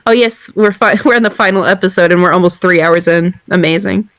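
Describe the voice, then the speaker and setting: A woman's voice: lowish voice, steady tone, fairly quick, a bit bright, no room sound. A woman hosting a casual book discussion, reading out comments and laughing often. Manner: giggly, reads out listener comments. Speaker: host of a book discussion group.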